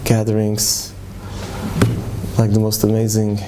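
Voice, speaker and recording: A man's voice: on the low side, completely flat delivery, takes it slowly, background noise. A middle-aged man, giving an earnest, heartfelt talk to parents. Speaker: speaker addressing parents. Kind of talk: emotional talk to a live audience.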